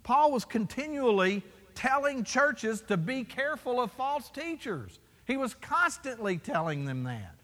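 A man's voice: extremely high pitch, very animated, measured pace, fairly bright tone. A man preaching a sermon as pastor, emphatic and full of rhetorical questions to his congregation. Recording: long hall reverb.

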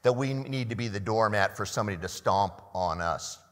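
A man's voice: fairly low pitch, fairly quick, big-room sound. An older man preaching a sermon as a pastor, often repeating the first words of a phrase and asking the listeners questions.

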